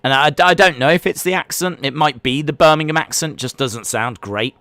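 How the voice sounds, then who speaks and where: A man hosts a live wrestling watch-along and calls the action in a crisp, forceful voice pitched a little above most men's. Between the bursts of play-by-play he answers chat questions in a loose, rambling way. The sound is dry and close. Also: a little fast, dry recording. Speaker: live-stream reaction host.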